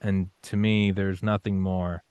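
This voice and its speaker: A young man with a very low voice speaks in a casual interview, swearing freely and dramatizing his own doubts and determination. The sound is dry and close, with no room echo. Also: little pitch movement, unhurried, a little mellow, smooth, lo-fi sound. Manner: intense, swearing, acts out his own panicked inner voice. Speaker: podcast guest.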